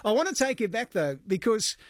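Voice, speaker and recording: A man hosts a radio chat in a fairly high voice, upbeat and chatty as he steers the talk. His sound is dry and close. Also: sing-song, brisk, no room sound. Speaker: radio host. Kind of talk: radio interview.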